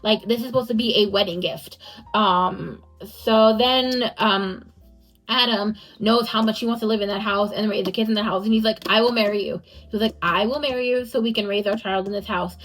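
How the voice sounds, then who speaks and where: A woman's voice: mid-range voice, steady tone, normal speed, fairly bright tone, soft background music, low-quality recording. A young woman talking through a book review in a casual vlog, chatty and full of "like" and "um". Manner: chatty, many fillers like "like" and "um".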